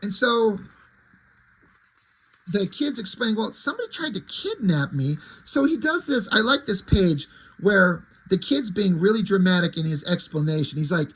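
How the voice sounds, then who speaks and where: A man's voice: high-pitched, unhurried, a bit bright, breathy edge, low-quality recording. A man reviewing an old homemade comic in a chatty, rambling way, swearing casually as he flips through it. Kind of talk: casual commentary.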